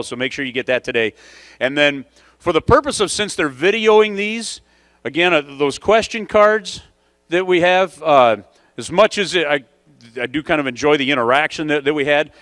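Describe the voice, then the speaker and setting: A man's voice: on the high side, a bit bright, smooth, no echo. A man emceeing a coaching conference, telling a story to the audience in a chatty, conversational way.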